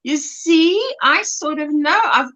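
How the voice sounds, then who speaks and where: Over lo-fi livestream audio, a woman from South Africa chats casually while she crochets, often breaking into laughter as she reads viewer comments. Her high voice is bright and forceful, and she takes her time, speaking at a slow pace.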